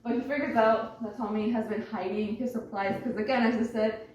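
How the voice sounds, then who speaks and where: Young woman, brisk chatty presenter, a bit high-pitched, mic far off in a boomy room. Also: fairly even intonation, a little mellow, very echoey, dull audio, slight background noise. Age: young adult. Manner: rambling, chatty, swears and laughs. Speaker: student presenter. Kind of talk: casual presentation to family.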